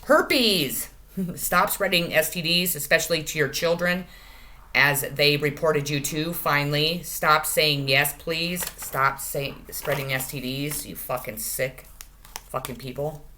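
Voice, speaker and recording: A woman giving a casual tarot reading to her channel, crude and profane, jumping between loud cries and quiet asides. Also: low voice, a little slow, slight background noise. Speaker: tarot reader.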